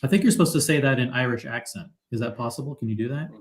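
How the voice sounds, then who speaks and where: A man's voice: mid-range voice, very fast. A man co-hosting a casual livestream and reading chat messages, with a teasing, joking manner.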